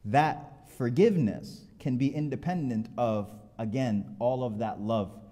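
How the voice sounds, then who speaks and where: A man's voice: mid-range voice, a little slow, mellow. A man preaching a Friday sermon, telling stories with quoted dialogue in an earnest way. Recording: long hall reverb.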